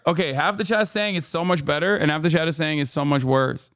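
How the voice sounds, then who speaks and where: A man's voice: on the high side, brisk, few pauses, a bit bright, clean tone, no room sound, studio quality. A man hosting a live stream, chatting casually and joking back at his chat. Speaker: livestream host. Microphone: close streaming mic.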